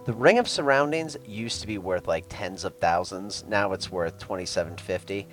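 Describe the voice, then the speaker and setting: A man's voice: low-pitched, normal speed, fairly bright tone, faint music behind. A man giving casual gameplay commentary, chatting sarcastically to game characters and swearing freely. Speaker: let's play gamer.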